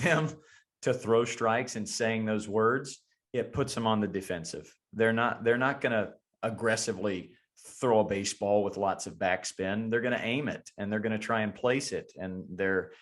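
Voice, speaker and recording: A man co-hosting a podcast, speaking in a reflective, halting way in casual chat. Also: lowish voice. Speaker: podcast co-host.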